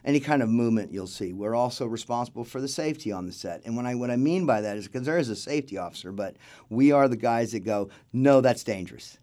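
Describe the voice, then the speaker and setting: A man's voice: mid-range voice, quick pace. Middle-aged guy spinning a story in an interview, keeps doing everyone's voices. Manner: animated storyteller acting out quoted voices. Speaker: interview guest, film crew grip.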